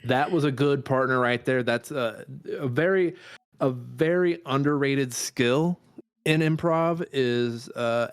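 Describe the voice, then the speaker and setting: A man in his thirties rambles through a self-deprecating story on a podcast, his voice sitting at an ordinary middle pitch. He restarts sentences often and swears casually. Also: clean tone. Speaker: podcast co-host; improv performer and dad.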